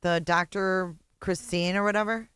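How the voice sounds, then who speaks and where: A woman's voice: lowish voice, steady tone, moderate pace, fairly bright tone, clear, resonant tone, no room sound. A woman hosting a commentary channel, reacting to clips with mocking, sarcastic asides and repeating lines back.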